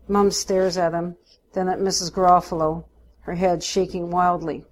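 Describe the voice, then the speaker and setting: A woman narrating a first-person story in a steady, unhurried way. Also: on the low side.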